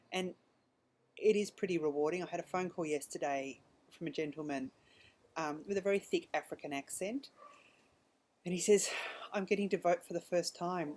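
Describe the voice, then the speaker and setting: A middle-aged Australian woman hosting a podcast, casually retelling her week and quoting people along the way. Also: lowish voice. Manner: conversational, retelling events with quoted dialogue. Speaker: podcast host. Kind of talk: casual personal storytelling.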